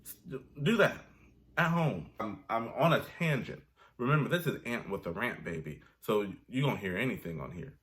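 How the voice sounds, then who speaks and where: A man's voice: on the low side, animated, moderate pace, fairly bright tone. A young man ranting animatedly about his retail job, sassy and profane. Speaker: vlogger. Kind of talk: comedic rant.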